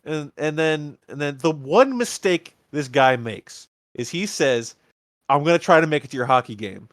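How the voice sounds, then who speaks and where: A man with a fairly high, slightly bright voice animatedly recaps a movie on his podcast, moderate in pace. He acts out lines from the characters as he goes, with plenty of stammered restarts in this casual rewatch chat. Clean, dry studio recording.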